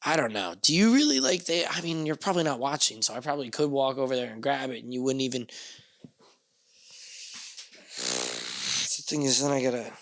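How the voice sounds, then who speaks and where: A man's voice: medium pitch, lively intonation, fast talker, few pauses, dry recording. A man with a New Jersey accent hosting a casual solo podcast from a small, dusty backyard shed, rambling with profane jokes and asides. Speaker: podcast host.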